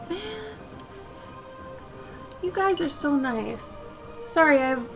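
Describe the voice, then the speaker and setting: A woman with a high voice talks slowly and softly into a desk mic, chatting casually with viewers while she draws. Her talk rambles from one aside to the next, with faint music underneath. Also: animated, creaky. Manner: chatty, soft-spoken, drifting between asides. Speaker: live-stream artist host. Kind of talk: casual chat while drawing.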